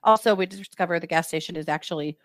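A woman's voice: lowish voice, fast talker, no echo, studio quality. A woman co-hosting a true crime podcast, telling a story in casual chat and acting out what people said. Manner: lively retelling with acted-out quotes.

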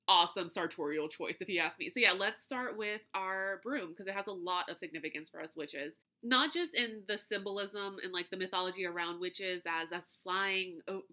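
A woman's voice: lowish voice, pushed and bright. A woman hosting a solo podcast in a casual, chatty way, laughing often and tripping over her words now and then. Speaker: podcast host.

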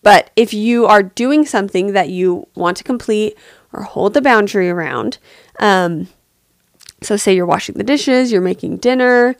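A woman gives parenting advice on a podcast in a soft, empathetic manner, thinking aloud with small pauses. Her voice sits at a middle pitch for a woman. The sound is close and dry, with no room around it. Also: gravelly, no room sound.

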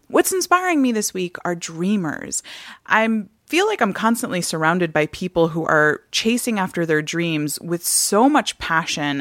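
A woman's voice: on the low side, fairly bright tone, no room sound, studio quality. A woman hosting a podcast in a talkative, joking, casual way. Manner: chatty and joking. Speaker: podcast host. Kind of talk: casual chat.

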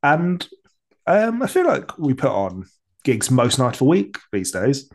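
Easygoing male podcast co-host, lively pitch. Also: a little slow. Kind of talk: casual podcast chat.

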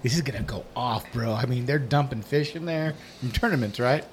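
A man with an ordinary mid-range voice reacts to a friend's story in relaxed conversation. He chimes in with quick follow-ups and easy agreement. Faint background noise runs under him. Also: medium pitch. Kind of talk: casual chat.

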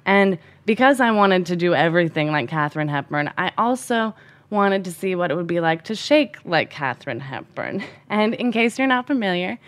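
Woman in her 30s telling a story about herself, animated and self-mocking, chatty. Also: medium pitch. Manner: animated, self-deprecating, conversational. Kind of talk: personal storytelling.

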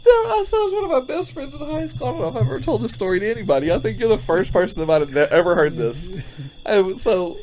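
A man's voice: high voice, very animated, fast talker, darkish tone. A man, a podcast co-host telling a story in casual chat, laughing often. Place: front porch, outdoors.

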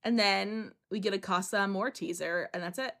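A woman's voice: medium pitch, normal speed, vocal fry, fairly bright tone. A young woman talks on a casual podcast as one of its co-hosts. Her chat is upbeat and loose, with plenty of fillers and restarts as she runs through recaps and plugs. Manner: chatty, upbeat, uses fillers like "like" and "um". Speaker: podcast co-host.

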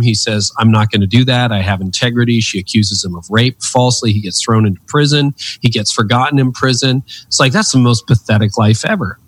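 Animated, earnest man in his fifties. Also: medium pitch. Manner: animated storyteller with lively swings in emphasis; earnest, preacherly. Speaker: guest, author and speaker. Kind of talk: conversational interview.

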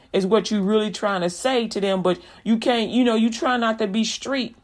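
A woman's voice: medium pitch, moderate pace, few pauses. A woman minister preaching casually, folksy and direct, acting out examples and laughing often.

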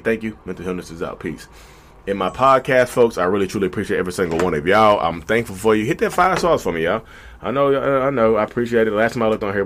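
A man, hosting a podcast in a casual, animated monologue. He rattles along at a brisk clip, talking straight to his listeners and slipping into quoted voices. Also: low voice, slight background noise. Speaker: podcast host.

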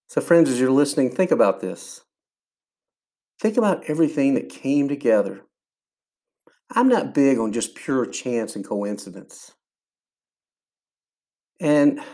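A man, older, hosting a faith podcast and telling a personal story in an earnest, animated way, acting out what people said. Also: mid-range voice. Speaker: podcast host.

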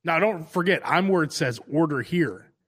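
Lively, laughing man telling stories. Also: on the high side, normal speed, breathy edge. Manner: animated storyteller, laughs often, acts out quotes. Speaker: podcast host. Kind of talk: casual comedic chat.

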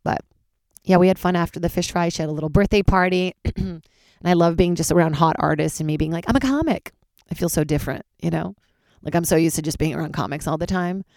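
Tired woman comic with vocal fry. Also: lowish voice, level tone, quick pace, darkish tone, no room sound, studio quality. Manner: candid and loose, swears freely. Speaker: stand-up comedian and podcast host. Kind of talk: casual solo podcast chat. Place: closet.

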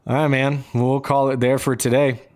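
A man co-hosting a podcast in relaxed casual chat, reacting with laughs and short exclamations. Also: medium pitch, normal speed, slight background noise. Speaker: podcast co-host.

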